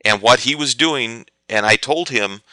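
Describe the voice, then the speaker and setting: A man's voice: mid-range voice, measured pace, bright, forceful tone, dry recording. A man teaching market trading in a live webinar, telling anecdotes and answering viewer questions. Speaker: trading educator.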